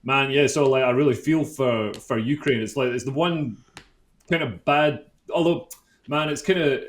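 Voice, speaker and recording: Wry podcast co-host. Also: male voice, medium pitch, moderate pace, a little hiss or hum. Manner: wry, joking asides. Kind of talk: casual chat.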